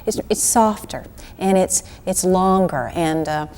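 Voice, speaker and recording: A woman's voice: fairly low pitch, unhurried, darkish tone. A woman, talking casually and animatedly as an actress guest in an archival 1980s TV interview, with many restarts. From Georgia, US.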